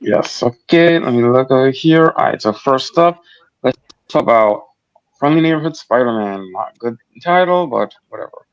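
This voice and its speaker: A man's voice: medium pitch, expressive, normal speed, dry recording, dull audio. A man co-hosting a podcast, matter-of-fact as he leads a segment. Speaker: podcast co-host. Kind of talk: casual chat.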